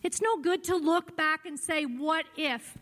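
A middle-aged woman pastor preaching an impassioned sermon, her voice dropping to hushed tones and then rising high. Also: unhurried. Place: church sanctuary. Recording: long reverb of a church hall.

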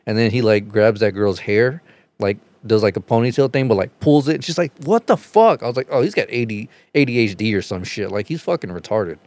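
A man chatting casually on a podcast, telling a rambling, profane story and getting animated as he retells it. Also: fairly low pitch, brisk, no room sound.

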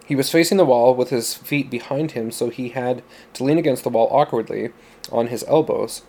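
A man narrating a story in a steady, plain storytelling manner. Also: mid-range voice, moderate pace. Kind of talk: audiobook narration.

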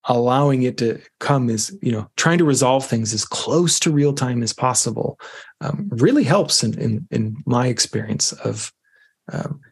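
Gravelly-voiced man giving relationship advice. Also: medium pitch, animated, unhurried. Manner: reflective, advice-giving, loose with fillers. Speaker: podcast guest. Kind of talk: casual conversation.

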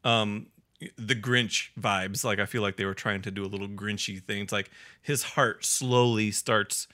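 A man in casual podcast chat who laughs often and jumps into squeaky voices when quoting. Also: fairly even intonation, measured pace, pushed and bright. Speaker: podcast co-host. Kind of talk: casual chat reviewing a cartoon.

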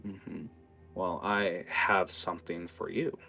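A man's voice: low voice, flat delivery, takes it slowly, vocal fry, bright, forceful tone, faint music behind. A man narrating a tabletop game as game master, casual and full of fillers and restarts.

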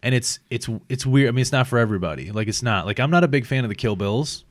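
A man's voice: medium pitch, animated, fast, dry recording. A man co-hosting a podcast in casual banter. He swears freely, laughs often and restarts his sentences. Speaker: podcast co-host.

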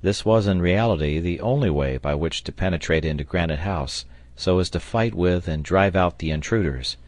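Deep voiced guy reading an audiobook, dry close sound, steady pace. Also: normal speed, dry recording. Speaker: audiobook narrator. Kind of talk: scripted narration.

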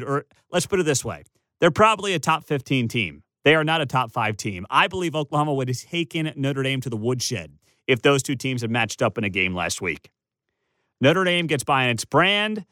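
A man's voice: medium pitch, animated, moderate pace, sharp tone, no echo, studio quality. A man giving opinionated college football commentary as a sports talk host, emphatic and sarcastic, piling up rhetorical questions.

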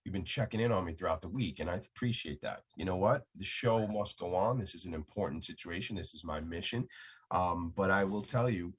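Hoarse raspy man hosting a talk show. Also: low-pitched, fairly bright tone. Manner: chatty, self-joking. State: hoarse, under the weather. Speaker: radio talk show host. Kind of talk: casual radio chat.

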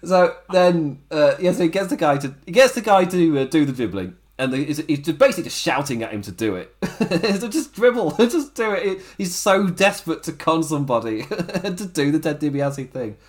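A man co-hosting a casual podcast chat, retelling scenes with frequent laughter and quick acted quotes. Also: on the high side, expressive. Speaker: podcast co-host. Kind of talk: casual chat recapping a wrestling show.

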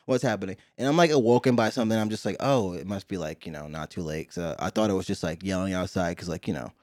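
A man's voice: sits low, fast, a little mellow, no room sound, studio quality. A man telling a story in a casual podcast chat, laughing often and acting out noises. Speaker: podcast co-host.

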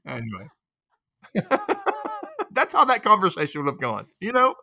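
A man's voice: high voice, huge pitch swings, normal speed, gravelly, bright, forceful tone. A man hosting a casual recap podcast, a little tipsy, swearing freely and laughing often. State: tipsy from drinking. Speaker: podcast host.

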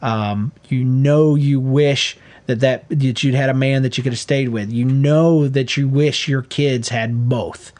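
A man's voice: mid-range voice, a little slow, hardly any pauses. A middle-aged man co-hosting a podcast, giving earnest, folksy parenting advice in casual chat. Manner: earnest, folksy, animated when acting out quotes. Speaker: podcast co-host.

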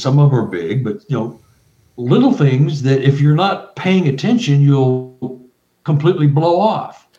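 A man, a guest researcher and author, telling an excited story full of quoted dialogue and restarts. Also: medium pitch. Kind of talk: animated storytelling. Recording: roomy, distant, dull remote audio.

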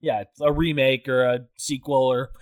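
A man's voice: medium pitch, level tone, moderate pace. A man co-hosting a podcast, joking and giving short agreeing replies in casual chat. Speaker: podcast co-host.

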